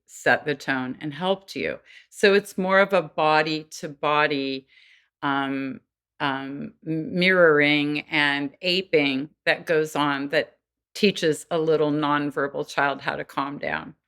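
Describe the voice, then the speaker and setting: A woman's voice: sits low, a bit bright, clear, resonant tone. A woman guest on a podcast interview, explaining earnestly and acting out quoted voices now and then. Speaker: guest expert on child development.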